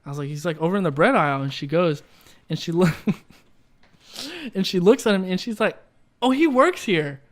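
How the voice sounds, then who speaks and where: A man's voice: sits high, animated, moderate pace, long pauses. A young man telling a story in a casual podcast chat, rambling with lots of fillers and asides. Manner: rambling, lots of "like" and "right?", laughs while telling. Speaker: podcast co-host.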